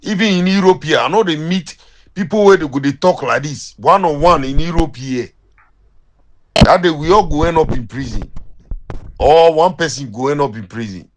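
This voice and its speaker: A man's voice: fairly high pitch, normal speed, slight background noise. A young Ghanaian man with a Ghanaian accent, sending a confrontational voice-message rant in Pidgin English.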